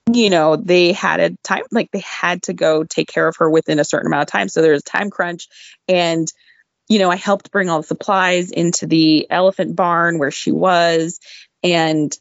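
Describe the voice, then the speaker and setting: Chatty woman with a low, dull-sounding voice. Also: dry recording. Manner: chatty, many fillers and asides. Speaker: former zoo worker recounting a story. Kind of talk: casual storytelling.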